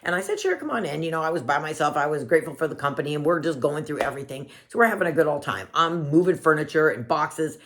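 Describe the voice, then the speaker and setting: A woman vlogger earnestly telling a personal story to her viewers, emotional and warmly addressing them as family. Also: sits low, fast talker, few pauses, slight background noise.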